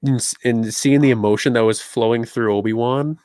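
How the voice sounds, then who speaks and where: Casting note: male podcast co-host, dry close mic, mid-pitched, eager fan chatter. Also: fairly quick, dry recording. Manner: animated, speculative fan talk. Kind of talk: casual chat.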